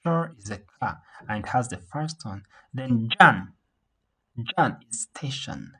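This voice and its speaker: Slow husky man teaching Mandarin. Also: medium pitch, expressive, low-quality recording. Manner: repeats words slowly for learners to copy. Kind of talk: online language lesson. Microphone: video call.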